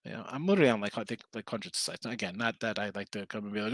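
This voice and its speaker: A man's voice: lowish voice, rapid-fire, fairly bright tone, dry recording, clean studio sound. A man hosting a sports betting livestream, chatting casually, rambling through picks and records and answering viewers by name. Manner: rambling, reads out picks and chat names, restarts often. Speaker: sports betting show host.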